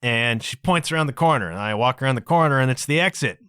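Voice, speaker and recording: A man's voice: medium pitch, quick pace, clear, resonant tone, dry recording, studio quality. A man hosting his own podcast, telling travel stories in a casual, exclaiming way, dropping "man" and "dude" often. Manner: animated, exclaiming storyteller with frequent "man" and "dude". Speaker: podcast host. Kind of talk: casual solo podcast monologue.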